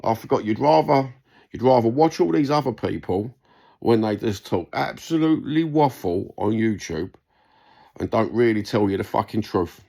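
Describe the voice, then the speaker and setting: Gravelly, low-voiced London bloke; angry vlog rant, lots of swearing and repetition. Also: male voice, animated, normal speed, dark tone. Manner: heated, sweary, repeats himself. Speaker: vlogger responding to a comment.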